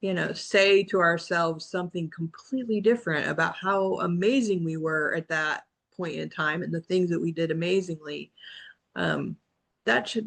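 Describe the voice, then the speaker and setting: A woman's voice: lowish voice, a bit bright. Rambling reflective woman on a video call. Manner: reflective, rambling with restarts and self-quotes. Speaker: book club member. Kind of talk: casual group video call chat.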